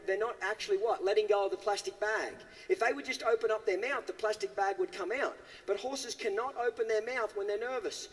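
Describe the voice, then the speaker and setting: A man's voice: sits high, big-room sound. A man giving a live horse-training demonstration, asking his listeners questions and tagging lines with "okay?". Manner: asks the audience questions, keeps saying okay. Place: horse arena.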